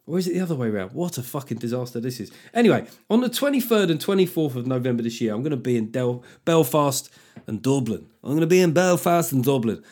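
A man's voice: medium pitch, big pitch swings, fast talker, darkish tone. Rambling man hosting a podcast. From South London, England. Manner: rambling, sweary, self-deprecating. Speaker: podcast host. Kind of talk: casual podcast chat.

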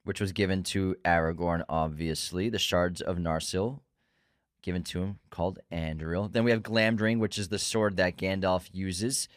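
A man's voice: sits low, fairly even intonation, moderate pace, dry recording, clean studio sound. A man co-hosting a movie podcast, chatting casually and quizzing his co-host. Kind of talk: casual chat, quiz questions.

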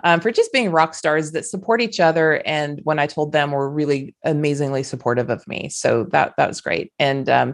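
Woman in her forties, podcast host, low voice, earnest, emphatic, folksy. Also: normal speed, vocal fry, hardly any pauses. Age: 40s. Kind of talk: motivational podcast monologue.

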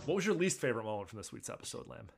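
A man co-hosting a casual rewatch podcast, lively, acting out lines as he retells scenes. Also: medium pitch, very fast, vocal fry, slight background noise. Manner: lively, acts out scene dialogue when retelling. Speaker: podcast co-host.

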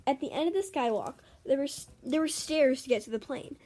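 A woman reading her own made-up story aloud, earnest and expressive, with small stumbles. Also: sits high, brisk.

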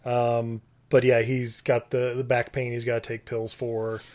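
A man's voice: medium pitch, monotone, measured pace, darkish tone. Rambling man recapping a movie. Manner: rambling, many fillers and restarts. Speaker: podcast co-host. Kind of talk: casual chat recapping a movie.

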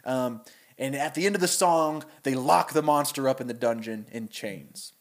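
A young man co-hosting a podcast, excitedly pitching a story with animated storytelling. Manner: animated storytelling, quick voice switches. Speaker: podcast co-host. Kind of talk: casual chat, pitching a story.

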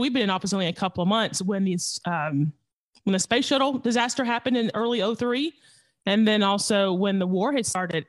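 A man's voice: high-pitched, dry recording. A man from Tennessee telling stories in a casual interview, acting out quoted lines. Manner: animated anecdote teller who acts out quotes. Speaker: podcast guest, former congressional staffer.

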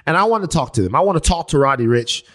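Animated man on a podcast. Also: on the high side. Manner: animated, jokey, quick asides. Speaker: podcast co-host. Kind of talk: casual podcast debate.

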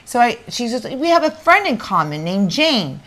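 A woman co-hosting a podcast, telling a neighbor story in casual chat, animated and full of restarts and acted-out quotes. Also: a little high, normal speed. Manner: animated, acts out quoted voices, many restarts. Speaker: podcast co-host.

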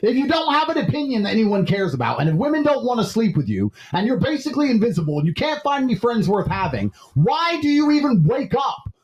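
Dude ranting fast on a stream, preachy and intense, pitch flying up and down. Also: male voice, wildly swooping pitch, husky, lo-fi sound. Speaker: livestream co-host. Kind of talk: motivational rant.

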